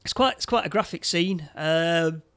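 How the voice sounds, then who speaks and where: A man co-hosting a casual film review chat, recounting scenes in a halting way with many repeated words and fillers. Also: on the high side, fairly bright tone, smooth. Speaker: podcast co-host.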